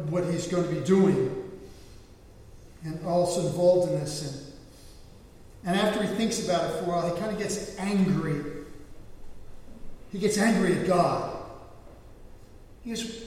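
A man's voice: a little high, darkish tone. A man preaching a sermon, telling a story earnestly and often restarting his words. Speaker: pastor. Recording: echoey hall, distant mic.

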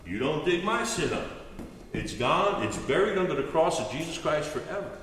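A male pastor preaching with a lively, swinging voice pitched a bit high. He sounds distant from the mic, and a long reverb fills the big church hall around him. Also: normal speed, slight background noise. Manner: animated, storytelling, earnest. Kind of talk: sermon.

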